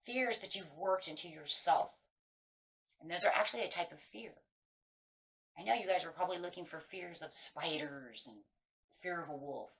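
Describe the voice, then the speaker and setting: A woman's voice: on the low side, moderate pace, creaky, pauses often, a bit bright. A middle-aged woman giving a chatty, casual tarot reading, breaking into anxious inner voices. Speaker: tarot reader.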